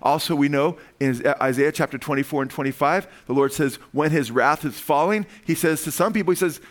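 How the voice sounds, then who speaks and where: A pastor preaching a sermon in a casual, conversational way. He often checks in with the congregation by asking "amen?" and swings between loud emphasis and quiet, hushed lines. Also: a little high, a little fast, few pauses. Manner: conversational preaching, frequent "amen?" call-outs.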